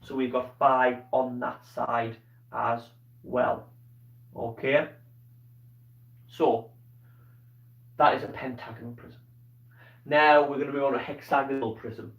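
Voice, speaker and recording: A man's voice: medium pitch, little pitch movement, slow, long pauses. A man with a Scottish accent teaching a live online maths lesson, explaining patiently step by step and checking in with "okay?". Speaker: primary school teacher. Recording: dull, roomy sound from a distance.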